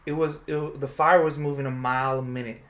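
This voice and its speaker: A man's voice: mid-range voice, a little fast. A man hosting a podcast, chatting casually and telling stories, acting out the people he quotes. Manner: storytelling, animated when quoting people. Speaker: podcast host.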